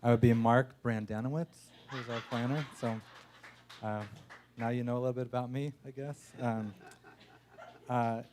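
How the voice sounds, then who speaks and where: A man with a mid-pitched voice opens a church reflection. He sounds a bit hesitant and self-deprecating, pausing with ums and uhs. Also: steady tone, noisy background. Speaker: guest speaker.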